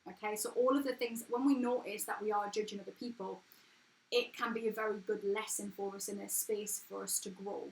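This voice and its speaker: Speaking fairly quickly in a steady mid-range voice, with a little hiss or hum on the audio, a thirtysomething woman with a plain English accent, not posh, hosts a casual motivational stream from home. The room is echoey and her talk is frank, earnest and chatty.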